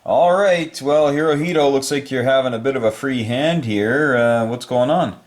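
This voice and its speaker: A man's voice: mid-range voice, normal speed. A man hosting and commenting on a board game, upbeat and chatty as he hands over to each player. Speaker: host and game narrator.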